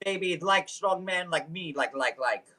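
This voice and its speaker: A man voicing a blunt, grumbling husband in broken English, halting and saying "like" over and over. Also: high-pitched, animated, sharp tone. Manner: halting, repeats "like" constantly.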